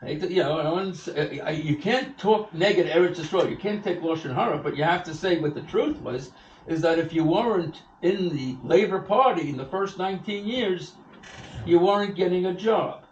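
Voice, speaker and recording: An older man tells a story to an audience, animated and acting out the people he quotes. His voice sits fairly high and comes from well off the mic in an echoey hall. The sound is a bit dull, with faint room ambience behind it. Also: moderate pace, far from the mic, slight background noise. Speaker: event speaker. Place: event hall.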